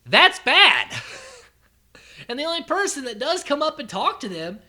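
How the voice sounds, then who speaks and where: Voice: high-pitched, big pitch swings, normal speed, bright, forceful tone. A podcast host recapping a reality show in a rambling, chatty way, full of "like" and casual swearing.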